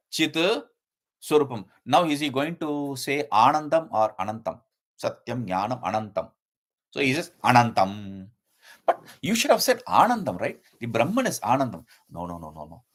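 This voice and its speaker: A man's voice: medium pitch, a bit bright. A man teaching a lesson and commenting on a scripture verse by verse, explaining at length with frequent fillers and repeated key terms.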